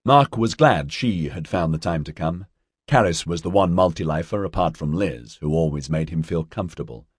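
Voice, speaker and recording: A man reading a story aloud as an audiobook narrator, steady, lightly voicing the characters' dialogue. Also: low-pitched, moderate pace, breathy edge, no room sound, clean studio sound. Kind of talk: scripted narration.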